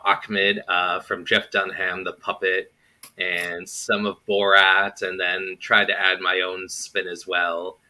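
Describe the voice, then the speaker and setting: A man with a low, deep voice talks unhurriedly, taking his time over each point. His tone is bright and forceful, with a sharp edge to every phrase. He hosts a casual interview and thinks out loud as he goes. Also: low-quality recording. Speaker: interview host and stage actor.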